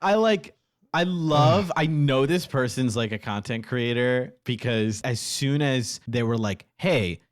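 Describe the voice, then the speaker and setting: A man's voice: medium pitch, unhurried. A man co-hosting a comedy podcast, ranting animatedly and laughing often. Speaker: podcast co-host. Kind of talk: casual comedy podcast chat.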